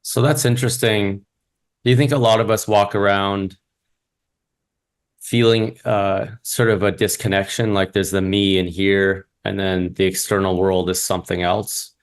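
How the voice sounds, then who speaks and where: A man's voice: sits low, steady tone, normal speed, clean tone. A man interviewing a guest, asking thoughtful, searching questions in a conversational way.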